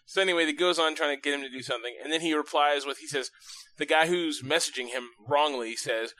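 Bright animated man telling a story. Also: on the high side, quick pace, poor audio. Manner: animated storytelling, laughing often. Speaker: podcast co-host. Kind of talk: casual podcast chat.

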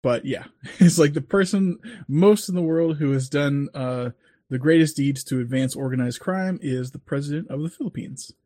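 A man's voice: a little high, moderate pace, dark tone, dry recording, clean studio sound. A man co-hosting a podcast in casual chat, loose and chuckling, with lots of fillers. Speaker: podcast co-host.

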